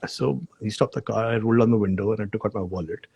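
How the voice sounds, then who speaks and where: A man's voice: lowish voice, fast talker, gravelly, mellow, slightly rough, no room sound. A man, a guest in a live video chat, telling an anecdote casually with fillers and restarts. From India. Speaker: guest actor. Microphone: video call.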